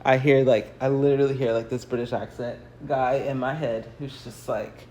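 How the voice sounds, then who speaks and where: With a bass voice and dark tone, this woman talks at normal speed with few pauses, over slight background noise. An American artist, she livestreams by phone from her home garage early in the morning while painting, rambling casually with lots of fillers and frequent laughter.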